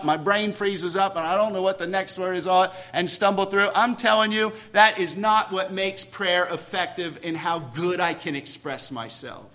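A man's voice: high voice, bright, forceful tone. A man preaching a sermon to a congregation in church, conversational, asking questions and joking about himself. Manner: self-deprecating humor.

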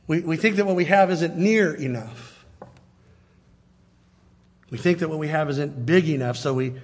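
A man preaching a sermon in a conversational, animated way, acting out the quotes he reads. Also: fairly high pitch, breathy edge, big-room sound. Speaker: pastor.

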